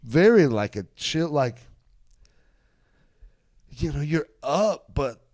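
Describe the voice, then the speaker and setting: On a podcast, a comedian guest tells a funny story, his voice on the high side and his pace slow. He's animated and swears a lot, frequently laughing as he talks. The recording is dry and close, with no room sound.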